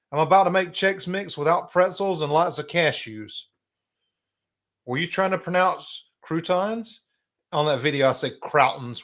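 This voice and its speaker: A middle-aged South Carolina man hosts a relaxed live stream, chatting away in a drawl and often clearing his throat. His voice sits in the mid range with a fairly bright tone.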